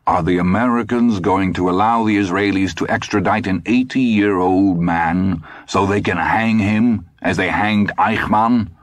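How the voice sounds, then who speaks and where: A man voicing a cold, menacing ex-Nazi in his eighties, speaking in a calm, measured, quietly threatening way. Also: low voice, no echo. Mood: coldly reasoning. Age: 80s.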